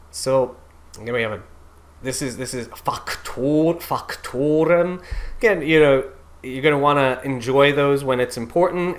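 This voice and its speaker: A man teaching German-style Latin pronunciation, talking haltingly with many fillers and slowly singing out example words. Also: medium pitch. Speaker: diction coach.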